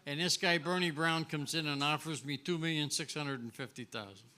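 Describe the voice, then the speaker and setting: An older Canadian man, once a hockey player, is a guest at a live show in a restaurant, spinning casual, rambling anecdotes. His voice is slightly high and fairly quick with a faint hiss or hum, and he's animated, acting out the dialogue as he goes.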